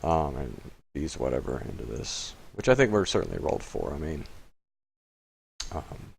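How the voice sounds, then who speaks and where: Low-pitched man from Florida, rambling vlog commentator, hesitant with sudden excitement. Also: moderate pace, gravelly, husky. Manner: rambling and hesitant, with many fillers; bursts of excitement at big hands. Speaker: poker player and channel host. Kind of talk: casual commentary while playing online poker.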